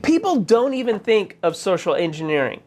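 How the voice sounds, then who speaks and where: Halting man explaining in a tech lesson. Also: high voice, very animated, a little mellow. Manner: halting, many fillers and restarts. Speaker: course instructor.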